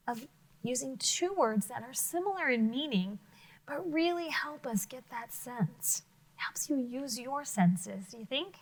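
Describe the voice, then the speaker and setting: Woman teacher, unhurried, expressive picture-book reading for young kids, lots of questions, whispers now and then. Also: sits high, low-quality recording. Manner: expressive, asks children questions, drops to whispers. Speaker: elementary school teacher. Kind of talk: picture book read-aloud lesson for children.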